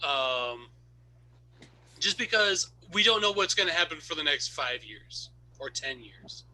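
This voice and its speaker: Co-host, man: very bright, sharp tone, lively swooping pitch, jokey delivery. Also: measured pace, low-quality recording. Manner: lively, jokey, breaks into laughter. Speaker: podcast co-host. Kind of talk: casual chat.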